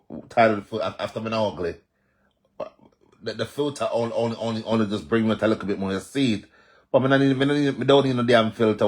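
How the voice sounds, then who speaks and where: A young man with a Jamaican accent, chatting casually on a live stream and answering viewers by name. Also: fairly low pitch. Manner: animated, reads out viewer comments and answers them.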